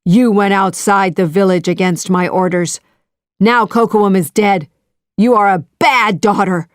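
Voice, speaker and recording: A stern, commanding older chief, as a woman voices him in a storybook, speaking slowly and with weight. The delivery is dry and close, raised in force when he gives orders. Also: mid-range voice, dry recording, lightly acted. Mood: angry. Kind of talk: children's audiobook reading.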